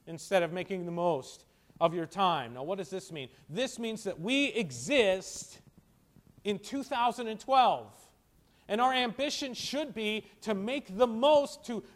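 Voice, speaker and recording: A pastor preaching a sermon, teaching from scripture with rhetorical questions and swings between emphatic stresses and quiet asides. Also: male voice, sits high.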